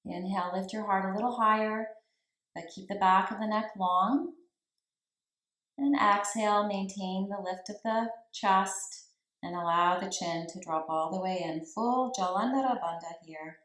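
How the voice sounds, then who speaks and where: A woman teaching a yoga class, giving slow, calm cues for breath and posture with long pauses between them. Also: medium pitch. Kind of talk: guided yoga class instruction. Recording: echoey room.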